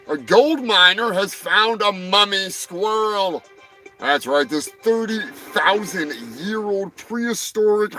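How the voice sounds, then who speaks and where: A man hosting a live stream, riffing on animal news in a rambling, profane, jokey way, swinging between loud outbursts and muttered asides. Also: high-pitched, poor audio. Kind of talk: profane comedic news rant.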